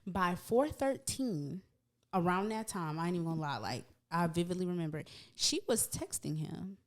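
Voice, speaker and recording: A young woman talking on a podcast as a guest, recounting events with emphatic, animated delivery. Her voice sits a little low for a woman. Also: moderate pace. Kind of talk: casual podcast chat.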